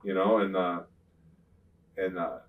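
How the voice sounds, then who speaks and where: Older ex-wrestler guy, low voice, kinda far from the mic, swears a lot, keeps saying you know what im saying. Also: slow pace, phone-quality sound. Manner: rambling, profane, frequent "you know what I'm saying"; grows loud and animated when retelling confrontations. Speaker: retired pro wrestler, interview guest. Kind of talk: shoot interview storytelling.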